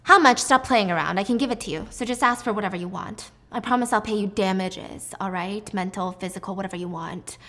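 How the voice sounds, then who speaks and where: A woman doing a pushy, scornful rich mother near forty, medium pitch, impatient, looking down on others, read within a drama recap. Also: fairly quick, hardly any pauses, pushed and bright. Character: wealthy arrogant mother around forty.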